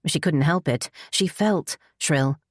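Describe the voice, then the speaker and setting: A woman with a low voice narrates an audiobook in a steady, measured way. The recording is dry and close, with no room sound. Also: no echo. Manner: measured storytelling. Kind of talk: scripted narration.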